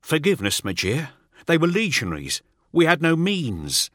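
A man voicing a fearful, pleading male warrior underling in a high, strained voice. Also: wildly swooping pitch, moderate pace, fairly bright tone, no room sound, clean studio sound, exaggerated voice.

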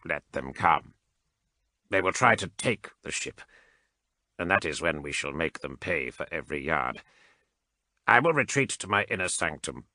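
A man voicing a cold, emotionless male cyborg priest in an audiobook, speaking in a flat, mechanical, measured way. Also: low-pitched, dry recording, pitched below the performer's own voice, full character voice. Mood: cold, detached. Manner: measured, clipped, unhurried formal speech. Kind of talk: audiobook character reading.

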